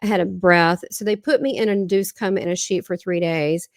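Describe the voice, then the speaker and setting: A woman's voice: fairly low pitch, steady tone, fairly quick, no room sound, studio quality. Earnest Southern woman telling her story. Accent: Southern American. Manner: earnest, rambling storytelling with restarts. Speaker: guest medium. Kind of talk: recounting a near-death experience.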